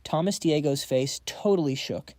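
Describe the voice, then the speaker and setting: A man narrating a comic recap in a casual, slangy way. His voice is fairly high but dark and mellow. The recording is close and dry. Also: normal speed, no echo. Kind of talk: scripted narration.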